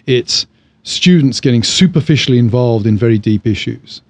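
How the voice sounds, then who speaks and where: A man co-hosting a podcast in casual conversation, measured and wry with firm opinions. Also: mid-range voice, expressive, dry recording. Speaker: podcast co-host.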